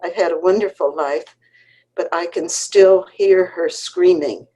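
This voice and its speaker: A woman in her eighties from Connecticut, an author recalling her family's story in an unhurried, earnest way over a video call, with pauses and restarts. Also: lowish voice, warm tone, poor audio. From Connecticut, USA. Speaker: author, interview guest. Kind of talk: reminiscing conversational storytelling.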